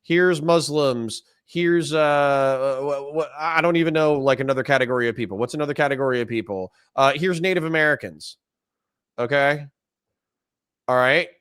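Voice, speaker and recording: A man's voice: a little high, moderate pace, fairly bright tone, smooth. A man hosting a reaction video, commenting on a played clip in an exasperated, sarcastic rant and thinking aloud as he types out lists.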